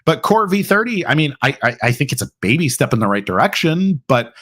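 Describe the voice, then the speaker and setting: A man's voice: a little high, very animated, fairly bright tone. Rambling man hosting a live Q&A. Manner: rapid, rambling, full of fillers and restarts. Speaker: host. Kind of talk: live ask-me-anything stream.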